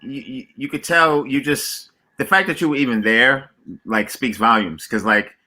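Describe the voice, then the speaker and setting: A man's voice: mid-range voice, moderate pace. A man who is a guest comedian, chatting casually on a video call in a loose, filler-heavy way. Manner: relaxed, loose, lots of fillers like "like" and "you know". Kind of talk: casual chat.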